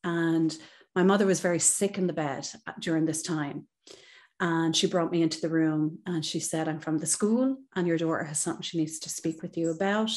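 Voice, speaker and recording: Earnest woman, low voice. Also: steady tone, normal speed, a little mellow. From Ireland. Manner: earnest, reflective, many "you know" fillers. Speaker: guest, psychotherapist. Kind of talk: podcast interview, personal story.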